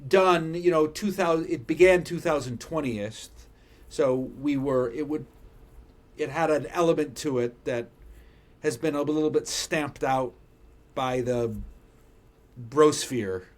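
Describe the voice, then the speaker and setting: A man's voice: fairly high pitch, unhurried, long pauses. A man co-hosting a podcast, chatting loosely about TV shows, swearing freely and trailing off mid-thought. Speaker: podcast co-host. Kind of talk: casual chat.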